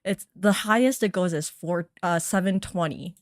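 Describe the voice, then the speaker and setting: Lively, self-teasing woman streamer. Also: on the low side, moderate pace, no echo, studio quality. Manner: animated, self-teasing, laughs often. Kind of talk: casual chat reacting to her old stream.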